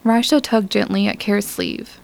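A woman narrating a science fiction audiobook. Her delivery is calm and measured, with a mid-range voice and a noticeable gravelly texture. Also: medium pitch, rough recording.

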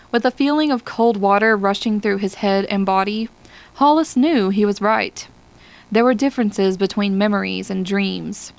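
Woman, audiobook reader, scripted narration, measured, gravelly voice. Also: medium pitch.

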